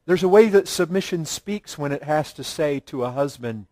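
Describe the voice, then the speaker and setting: A pastor giving an earnest sermon, building emphasis through repeated phrases. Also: male voice, a little high, expressive, normal speed, darkish tone, dry recording.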